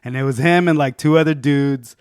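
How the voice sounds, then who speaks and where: A man's voice: medium pitch, a little fast, darkish tone, smooth, no echo, clean studio sound. A man hosting a podcast in casual chat, laid-back, swearing and laughing often. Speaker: podcast host.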